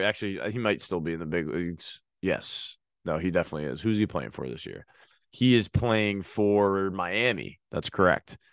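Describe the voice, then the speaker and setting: A man's voice: on the low side, smooth, dry recording. A man hosting a sports podcast, talking casually and rambling with many fillers and restarts. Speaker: podcast host.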